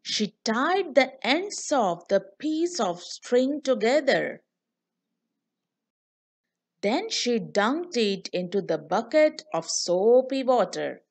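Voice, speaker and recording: Woman storyteller for kids, very slow, lively melodic pitch. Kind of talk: children's read-aloud narration.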